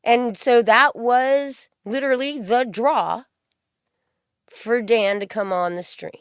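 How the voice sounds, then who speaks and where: A woman's voice: fairly high pitch, takes it slowly, smooth, no room sound, studio quality. A woman hosting a stream, giving a profane, mocking commentary rant.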